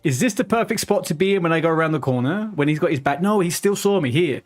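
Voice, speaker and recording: A man's voice: a little high, animated, fast, faint music behind. A man streaming a game live, talking to himself and his viewers as he plays, with frequent swearing. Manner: mutters to himself, swears when frustrated. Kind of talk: live gameplay commentary.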